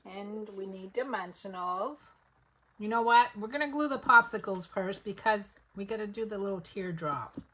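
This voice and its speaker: Speaking at a moderate pace with a sharp tone and medium pitch, a papercraft instructor chats through a live demonstration step by step. A little hiss or hum is present.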